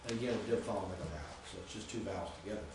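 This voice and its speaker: A male professor giving a classroom lecture, patiently spelling out Greek sounds and repeating words slowly. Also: deep voice. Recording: echoey classroom from far off with faint noise.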